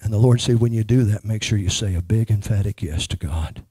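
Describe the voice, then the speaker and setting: A man's voice: fairly low pitch, a little fast, mellow, breathy edge, no echo. A man ministering as a prophet, speaking emphatically and praying over a woman in church. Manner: emphatic, prays over a person.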